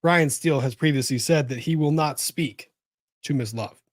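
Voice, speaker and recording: A man's voice: fairly high pitch, moderate pace, dry recording, studio quality. A man hosting a live legal commentary show, thinking aloud, exclaiming and swearing as he reacts.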